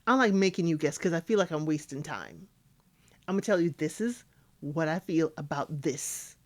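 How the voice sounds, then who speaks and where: Animated woman recapping reality TV. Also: low-pitched, moderate pace. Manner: animated, acts out cast members' lines. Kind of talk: casual recap commentary.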